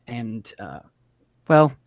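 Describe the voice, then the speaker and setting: A man doing a worn-out woman builder who keeps her words soft, quiet and practical. The sound is dry and close, in an everyday tone of middling pitch. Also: very animated, drawn-out words, no echo. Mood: resigned. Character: weary kind woman builder, the house's wife.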